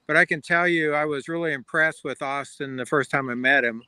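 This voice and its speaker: A middle-aged man chats as a guest on a video call in a friendly, joking way. His voice is very bright and crisp, and the sound is dry and close. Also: fairly high pitch, fairly quick, no room sound. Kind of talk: casual chat on a video call.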